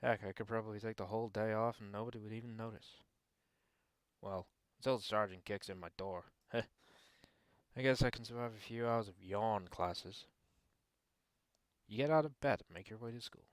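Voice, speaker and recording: A man's voice: fairly low pitch, normal speed, pauses often, no room sound. A man giving casual gameplay commentary, reading out a dating game with dry, wry asides.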